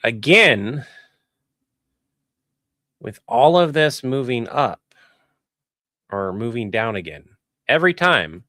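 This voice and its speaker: A man's voice: medium pitch, big pitch swings, bright, forceful tone, no room sound. Voice actor guy rambling while he edits, very dry sound, kinda hard on himself. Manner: rambling, self-critical, halting. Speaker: voice actor and video editor. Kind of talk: casual live-stream chat while editing.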